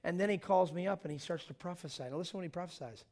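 A man preaching a sermon in a church, telling stories with jokes in an animated way. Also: high voice, very fast.

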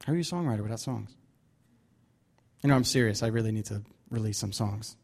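A man's voice: fairly low pitch, fast, a little mellow. A man leading a Bible study, preaching casually with many fillers and restarts. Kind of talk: casual sermon.

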